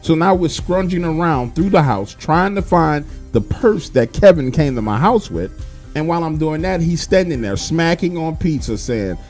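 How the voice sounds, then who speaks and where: Animated, foul-mouthed male storyteller. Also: fairly high pitch, moderate pace, faint music behind. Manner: animated, heavily profane. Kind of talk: casual spoken storytelling.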